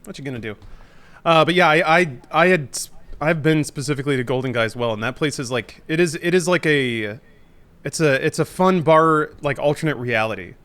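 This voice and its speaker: A man's voice: a little high, brisk, a bit bright. A man in his thirties co-hosting a podcast, chatting casually and reacting eagerly. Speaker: podcast co-host. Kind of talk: casual chat.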